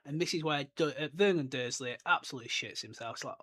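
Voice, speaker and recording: A young man hosting a casual podcast, talking in an animated, chatty way and often correcting himself mid-sentence. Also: medium pitch, fast. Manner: chatty and animated, with many fillers and self-corrections. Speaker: podcast host. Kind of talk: casual book-discussion podcast.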